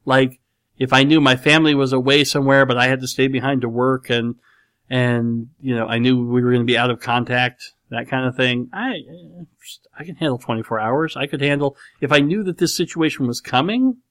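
A man in a casual chat who rambles through his thoughts, leaning on "like" and "you know". He reads out listener questions and answers them with a dry, sarcastic edge. His voice sits at an ordinary middle pitch. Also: brisk, fairly bright tone, clear, resonant tone. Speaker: podcast host reading listener questions.

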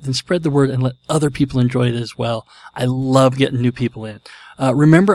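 A man's voice: a little high, a little mellow, no room sound. A man hosting his podcast, talking casually with a jokey, self-deprecating manner. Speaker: podcast host.

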